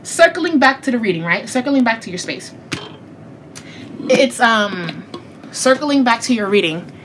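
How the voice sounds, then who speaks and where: A woman's voice: fairly high pitch, measured pace, slight background noise. Chatty woman giving a tarot reading. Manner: chatty and animated, laughs often, talks straight to viewers. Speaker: tarot reader. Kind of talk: casual tarot reading for viewers.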